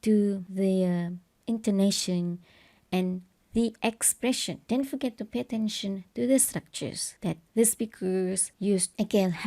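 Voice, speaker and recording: A woman teacher walks through a textbook lesson at a careful pace, leaning on each example word. Her voice sits low and mellow, with a gravelly edge. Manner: slow, careful explanation with stressed example words. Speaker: English teacher.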